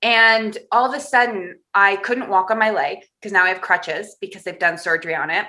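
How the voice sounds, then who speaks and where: A woman's voice: mid-range voice, normal speed, sharp tone. A woman guest on a podcast interview, telling a personal story candidly and with animation, often laughing through hard memories.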